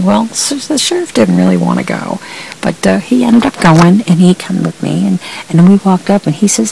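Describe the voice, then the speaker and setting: A woman's voice: medium pitch, big pitch swings, moderate pace, vocal fry, recorded from a distance, a little hiss or hum, rough recording. A woman who works as a process server, chatting in a rambling vlog style with many fillers and restarts, laughing between sentences. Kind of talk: casual storytelling vlog.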